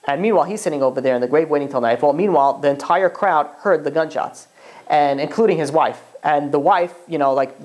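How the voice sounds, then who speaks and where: A low-pitched woman tells a story in a religious talk. She keeps stopping and restarting her sentences and leans on "you know" as she goes. Her phrasing carries bits of Yiddish-flavored slang. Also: darkish tone. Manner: halting, full of restarts and "you know" fillers.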